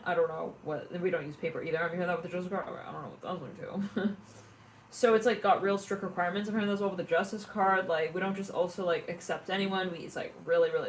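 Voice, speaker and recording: A woman's voice: fairly low pitch, brisk, a little hiss or hum. A woman giving a casual tarot reading, chatty and giggly, often acting out imagined callers. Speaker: tarot reader.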